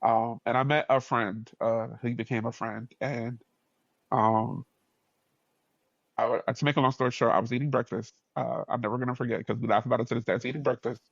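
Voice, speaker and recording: New york guy telling a story on a podcast, slangy and laughing a lot, mid-pitched voice, dry kinda muffled sound. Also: little pitch movement, a little fast, gravelly, no room sound. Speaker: podcast guest.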